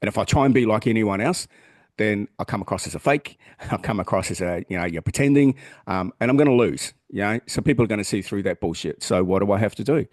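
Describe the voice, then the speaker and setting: A man's voice: fairly low pitch, lively intonation, fast talker, darkish tone, no echo, studio quality. An Australian man co-hosting a podcast, talking in a blunt, earnest way and swearing freely. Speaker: podcast co-host. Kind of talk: casual chat.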